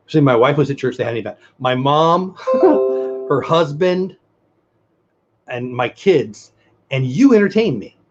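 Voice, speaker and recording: A man's voice: mid-range voice, expressive, unhurried, pauses often, dull audio, soft background music. A middle-aged man co-hosting a casual livestream chat, earnest and rambling as he reads the chat aloud. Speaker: podcast co-host.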